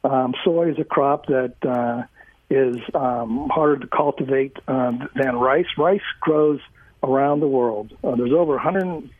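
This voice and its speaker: A man's voice: mid-range voice, unhurried, no echo. A man in his sixties, a food company founder, talking earnestly as an interview guest with many fillers. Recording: dry tinny phone-like line.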